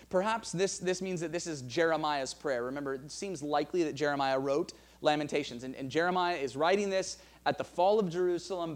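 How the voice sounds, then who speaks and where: High-voiced earnest man preaching. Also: a little mellow. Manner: earnest, with frequent restarts and quoted scripture. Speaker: pastor. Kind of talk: sermon.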